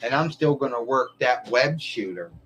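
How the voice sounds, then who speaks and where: A man hosts his live stream in an easygoing, wandering monologue. His voice sits at an ordinary middle pitch, and he drops casual swears as he goes. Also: expressive, normal speed, fairly bright tone, breathy edge, rough recording. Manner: meandering, loose, swears casually. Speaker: livestream host.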